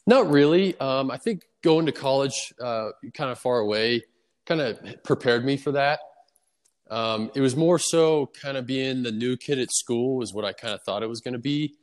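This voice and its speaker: A young man, a baseball player, answering interview questions in a relaxed, easygoing way with lots of fillers. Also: medium pitch, moderate pace. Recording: long reverb on the voice.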